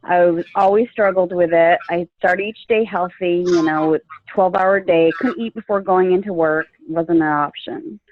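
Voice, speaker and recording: A woman's voice: lowish voice, steady tone, normal speed, hardly any pauses, a little hiss or hum. A woman telling her own story in a casual interview, earnest and full of fillers. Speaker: guest sharing her coaching story. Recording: tinny, phone-like, dry line.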